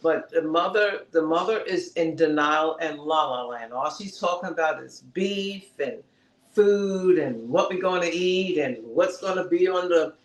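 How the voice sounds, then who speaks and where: A man with a fairly high voice chats through a TV episode, scene by scene, and slips into the characters' lines as he tells it. The room gives his voice a clear echo. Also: a little slow. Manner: animated, retells scenes and acts out the characters' lines. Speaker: podcast co-host reviewing a TV episode. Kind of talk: casual review chat. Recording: roomy echo.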